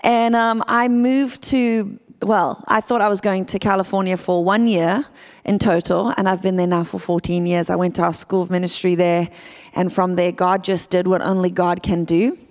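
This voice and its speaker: A woman's voice: on the low side, fairly even intonation, normal speed. South African woman preaching in a reverberant church. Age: 30s. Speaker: guest preacher. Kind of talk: sermon. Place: church sanctuary. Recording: church hall with long reverb.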